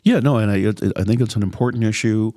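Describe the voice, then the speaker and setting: A middle-aged man with a dry, raspy voice, a city councillor chatting casually and joking on a podcast. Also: fairly low pitch, fast talker, warm tone, dry recording. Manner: easygoing, joking, talks in loose rambling phrases.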